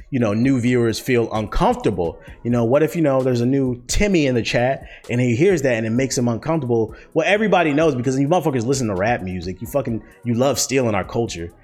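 A young man, a streamer, ranting casually and bluntly with lots of profanity while answering viewer questions. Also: medium pitch. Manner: profane, blunt, heated storytelling. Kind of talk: casual rant.

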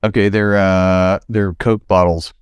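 A man's voice: low voice, little pitch movement, a little slow, clear, resonant tone, no room sound. A man hosting a casual podcast, reading out odd laws and riffing on them with casual swearing. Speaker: podcast host.

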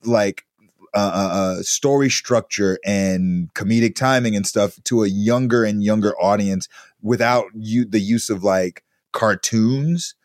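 A man in his thirties co-hosting a casual podcast chat, animated and rambling, laughing often. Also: lowish voice, measured pace, no echo, studio quality. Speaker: podcast co-host.

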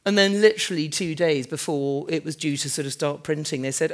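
A woman's voice: low voice, fairly quick. A woman architect and author giving a live, conversational lecture in a large converted warehouse, chatty and self-deprecating with frequent "um"s and asides. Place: large former fruit warehouse event space.

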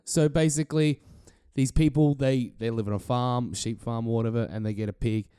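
A man's voice: medium pitch, steady tone, fairly quick, warm tone, clear, resonant tone, no room sound, studio quality. A man co-hosting a casual podcast, retelling a film loosely and swearing freely. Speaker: podcast co-host.

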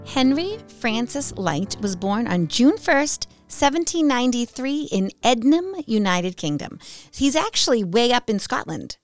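A woman's voice: fairly high pitch, very animated, unhurried, no echo, soft background music. A middle-aged woman co-hosting a casual chat about hymns, playful and joking as she talks. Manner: playful, jokey. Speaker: podcast co-host.

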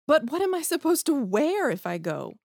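An actress playing a discontented young wife who longs for luxury, in an audio drama, speaking plaintively. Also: female voice, sits high, very animated, moderate pace, vocal fry, a little mellow, dry recording, full character voice. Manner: plaintive, wistful. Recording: dry close studio sound.

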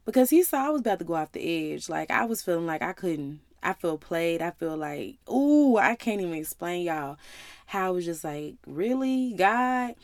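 Woman in her twenties, animated podcast storyteller. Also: fairly low pitch, normal speed, no room sound, clean studio sound. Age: 20s. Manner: animated storyteller, acts out her own side of talks with God; slangy and conversational, calls listeners y'all and baby. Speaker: podcast host. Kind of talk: casual podcast monologue.

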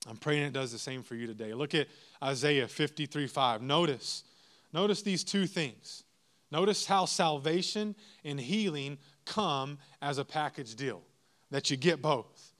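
A pastor preaching a sermon, emphatic, repeating key phrases and asking the congregation questions. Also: male voice, on the high side, normal speed.

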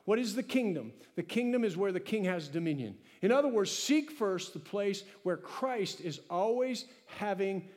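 High-voiced preaching pastor in a reverberant hall. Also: male voice, normal speed, hardly any pauses. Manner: animated preaching, acting out dialogues with God. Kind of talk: sermon.

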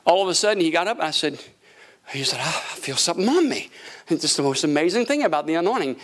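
A middle-aged man preaching to his congregation in a high, ringing voice. He drops to near whispers, then climbs to shouted praise, and tells stories with quoted dialogue as he goes. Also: animated, racing. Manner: preaches with swings from hushed to shouting. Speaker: pastor. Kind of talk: sermon. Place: church sanctuary before a congregation.

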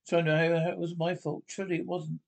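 A man's voice: on the high side, completely flat delivery, quick pace, gravelly. A jealous young daughter, read by a man from an old radio script. The voice stays close to his own, only slightly raised. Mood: sweetly eager. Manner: reads stage directions aloud before lines.

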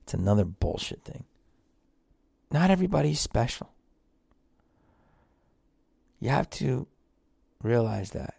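A man rants his way through a podcast monologue, blunt and salted with profanity. His voice has a gravelly edge, and it sits close and dry on the mic with no room sound. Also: medium pitch, sing-song, slow pace, long pauses, warm tone, dry recording. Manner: blunt, profane, rambling rant. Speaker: podcast host; actor on tour. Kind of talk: casual monologue.

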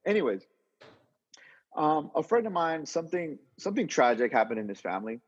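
A man's voice: on the high side, big pitch swings, fairly quick, breathy edge, in a large hall. A man being interviewed, casually telling a long story with lots of restarts and slang. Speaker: interview guest, entrepreneur. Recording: dull lo-fi audio.

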